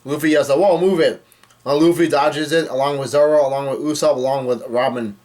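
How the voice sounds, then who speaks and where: A man giving a casual spoken recap of a comic chapter, rambling and halting with frequent fillers and restarts. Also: mid-range voice, fairly even intonation, a little mellow. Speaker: manga chapter reviewer.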